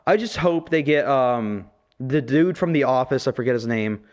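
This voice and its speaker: A man's voice: medium pitch, lively intonation, moderate pace, darkish tone. A man hosting a casual podcast, ranting profanely and with strong opinions. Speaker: podcast host.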